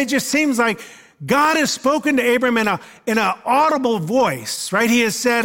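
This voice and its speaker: A man preaching a sermon to his congregation in a relaxed, conversational way, with frequent "uh" fillers and asides to the listeners. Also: very high voice, normal speed. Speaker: pastor. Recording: long reverb of a large hall.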